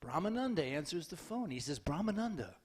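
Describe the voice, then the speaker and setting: A man with a very high voice gives a lively sermon in a temple hall. He tells stories with humor and acts out the dialogue. Then he turns urgent and spurs his listeners to keep their enthusiasm. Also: unhurried, a little hiss or hum. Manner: urgent and exhorting. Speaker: lecturer giving a scripture class.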